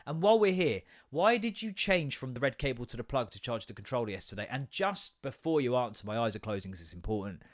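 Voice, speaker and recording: A man's voice: medium pitch, sing-song, fast talker, hardly any pauses. A man, a podcast host telling an exasperated, sweary story about his kids. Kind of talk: casual ranting monologue.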